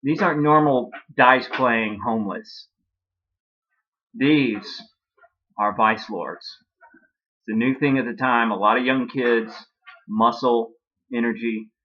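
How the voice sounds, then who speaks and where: A man's voice: medium pitch, slow pace, pauses often. A man telling an absurd comic story in a rambling, offhand way, with crude asides. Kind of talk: comedic storytelling. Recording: dull lo-fi recording.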